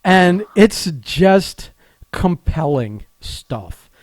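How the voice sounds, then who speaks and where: A man's voice: high voice, sing-song, extremely slow, no echo. A man co-hosting a podcast in casual chat, often breaking into laughter as he talks. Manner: laughs often while talking. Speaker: podcast co-host.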